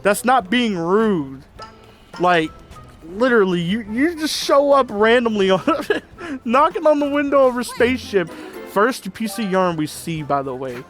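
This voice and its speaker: A chatty man talks through a video game in loose, rambling commentary, often laughing along. His voice sits a little high. Quiet game music runs beneath him. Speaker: gaming channel host. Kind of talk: casual let's-play commentary. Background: faint game music.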